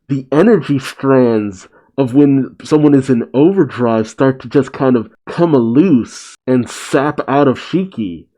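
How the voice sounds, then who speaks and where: A man hosting a comic reaction channel, reading a chapter aloud and breaking off into bewildered, animated asides. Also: mid-range voice, takes it slowly, hardly any pauses, low-quality recording.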